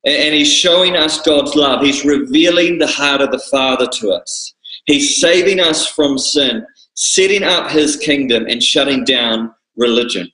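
A man's voice: mid-range voice, unhurried, sharp tone, roomy sound, low-quality recording. A man preaching a sermon as pastor, earnest, with frequent restarts.

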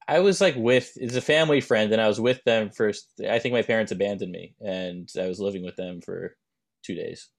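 A young man co-hosting a podcast, telling rambling anecdotes and dropping deadpan jokes in casual chat. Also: on the low side, a little fast, vocal fry. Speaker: podcast co-host.

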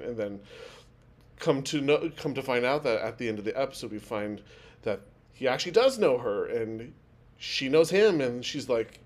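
A man co-hosting a podcast, talking through a TV episode in loose, rambling chat. His voice sits at a middle pitch, and he keeps stacking fillers. When he quotes a character he jumps higher and louder. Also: expressive, normal speed. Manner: rambling with many fillers, acts out quotes in a raised voice. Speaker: podcast co-host. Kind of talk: casual chat recapping a TV episode.

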